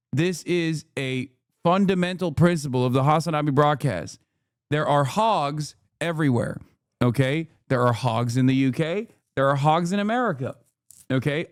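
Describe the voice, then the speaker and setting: A man reacting to clips on his stream, his voice pitched a little high. He swears constantly and drips with sarcasm. The sound is dry and close to the mic, with no room echo. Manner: profane, sarcastic ranting. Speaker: streamer host.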